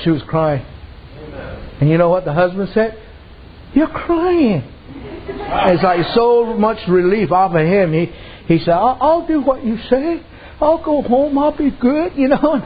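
A man's voice: fairly high pitch, lo-fi sound, slight background noise. A man preaching a sermon as pastor, telling folksy stories and acting out the people in them. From Native American reservation community. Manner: folksy storytelling preacher, acts out voices.

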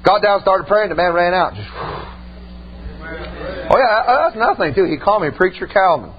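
A man preaching a folksy storytelling sermon, emphatic and colloquial, building to shouted points, on a slightly muffled recording with a faint hum. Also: high-pitched, expressive, quick pace.

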